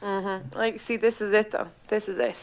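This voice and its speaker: An Irish woman in early adulthood talks casually as a guest. She tells embarrassing stories with energy and acts out her own side of each conversation. She sounds chatty and open, with an ordinary middle pitch. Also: moderate pace, vocal fry, narrow, tinny audio. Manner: animated storyteller, acts out her own quotes. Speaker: guest radio DJ. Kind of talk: casual chat, telling funny stories.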